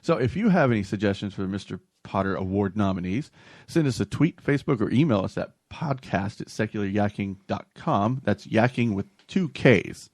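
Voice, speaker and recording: A man's voice: lowish voice, lively intonation, moderate pace, a little mellow, dry recording. A man from North Carolina hosting a podcast in casual, joking chat with frequent restarts. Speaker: podcast host.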